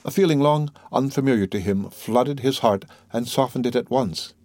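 A man narrating a literary audiobook in a measured, steady way. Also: mid-range voice, dry recording.

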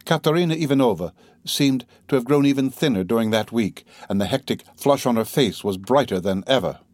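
A man reading a classic novel aloud in a measured, even storytelling manner on a close mic. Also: mid-range voice, no room sound. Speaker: audiobook narrator. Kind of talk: scripted narration of a classic novel.

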